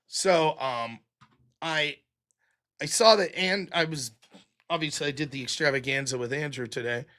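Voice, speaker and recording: A man with a high, bright voice talks loosely on a livestream, sarcastic and quick to swear. He rambles between thoughts and reads out viewer donations. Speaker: show host. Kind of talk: livestream chat reading donations.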